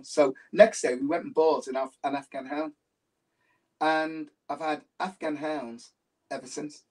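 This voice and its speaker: Man, interview guest, animated storyteller, repeats phrases, distant from mic, video call. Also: a little high, a little slow. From Liverpool, England. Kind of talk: casual interview talk.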